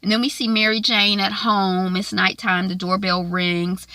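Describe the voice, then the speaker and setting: A woman casually recapping a TV episode in a chatty, slangy way, full of likes and ums and quick acted-out lines. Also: mid-range voice, no echo. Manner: animated, acts out characters' lines.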